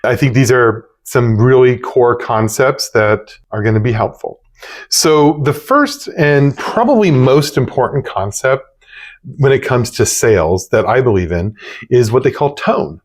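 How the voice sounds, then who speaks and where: Male business owner, easygoing teaching voice, average pitch, plain chatty sales talk. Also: a little slow. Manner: relaxed, conversational, demonstrates upbeat phone greetings. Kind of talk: casual instructional talk.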